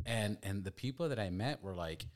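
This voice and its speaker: A man in his thirties hosting a podcast, telling loose, animated anecdotes with casual swearing. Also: on the low side, normal speed. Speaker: podcast host.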